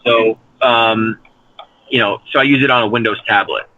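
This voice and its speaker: A man's voice: medium pitch, steady tone, moderate pace, pushed and bright, muffled recording. A man being interviewed as a paranormal investigator, talking earnestly in long rambling runs full of fillers and restarts. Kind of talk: casual interview talk.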